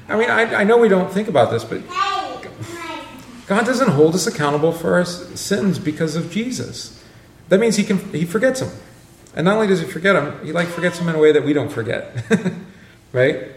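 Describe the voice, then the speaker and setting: A man's voice: a little high, lively intonation, moderate pace, long pauses. A man leading a casual Bible study, joking and quizzing his class as he reads passages aloud. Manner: chatty, joking, asks the class questions. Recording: echoey room, faint noise.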